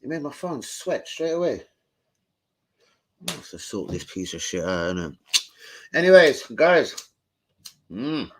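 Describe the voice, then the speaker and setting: A man's voice: medium pitch, big pitch swings, a little slow, pauses often, a bit bright, a little hiss or hum. A young man, swearing and rambling in casual slang as he chats on a live stream from home into his phone. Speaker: football fan streamer.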